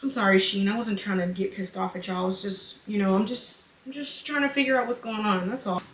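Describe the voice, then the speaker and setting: A young adult woman vlogging a casual haul, dramatic, excitable and chatty. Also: mid-range voice, fairly quick, slight background noise. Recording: echoey room, mic at a distance.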